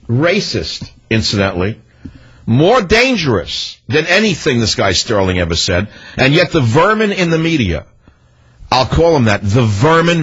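A man's voice: mid-range voice, husky. A man hosting a talk radio show, ranting in a combative, indignant way and hammering his points with repetition. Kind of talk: talk radio monologue and calls. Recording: dull lo-fi radio audio.

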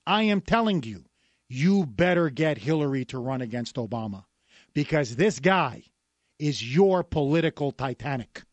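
A man's voice: fairly high pitch, lively intonation, normal speed, no echo, highs cut off. A man hosting a talk radio show, delivering an emphatic, combative monologue with lots of repetition. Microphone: studio microphone.

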